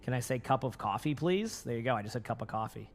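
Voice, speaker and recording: A man's voice: mid-range voice, expressive, fast, soft background music. A young man with a light Boston accent, a gaming streamer chatting casually with his viewers, rambling with lots of fillers and restarts. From Boston area.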